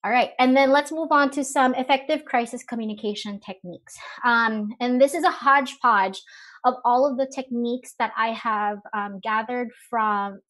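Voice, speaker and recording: A woman's voice: fairly high pitch, moderate pace, a bit bright. Chatty woman giving a webinar talk. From Philippines. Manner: conversational, many ums and rhetorical questions. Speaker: webinar speaker. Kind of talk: live webinar presentation.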